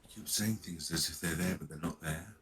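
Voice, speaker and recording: A man's voice: deep voice, a little fast, fairly bright tone, husky. A man chatting over voice chat while gaming, dry and sarcastic. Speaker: co-player on voice chat.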